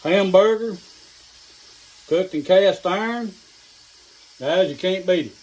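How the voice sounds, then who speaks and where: High-voiced East Tennessee man, folksy cooking host. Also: slow, darkish tone, low-quality recording. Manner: folksy and down-home, talking while eating. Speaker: home cooking channel host. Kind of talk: casual cooking vlog. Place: home kitchen. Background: food sizzling in a skillet.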